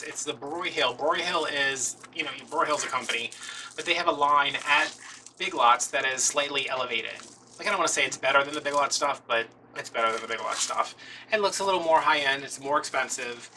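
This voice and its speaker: With a sharp tone and medium pitch, a man hosting a craft video chats casually through a rambling, self-deprecating tale of his day. The mic is distant and there's faint noise.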